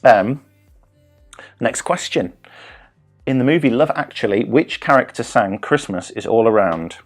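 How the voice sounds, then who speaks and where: A man's voice: mid-range voice, animated, unhurried, soft background music. A man in his thirties hosting a casual live-streamed quiz, rambling, joking and interrupting himself. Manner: rambling, self-interrupting, jokey. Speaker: quiz host.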